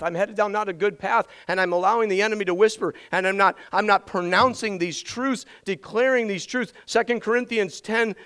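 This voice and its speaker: A pastor preaching with a notably high voice and plenty of energy. He drives his points home by repeating key phrases, and his voice sounds a little strained from shouting the day before. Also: poor audio. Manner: energetic, emphatic repetition. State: voice strained from yelling. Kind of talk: sermon.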